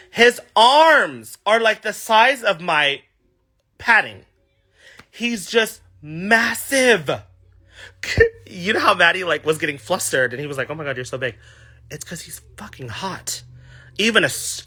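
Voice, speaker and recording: A man's voice: a little high, animated, slow, pauses often, pushed and bright. A man in his thirties chatting casually on a livestream, answering fan questions with a gushing, sassy manner. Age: 30s.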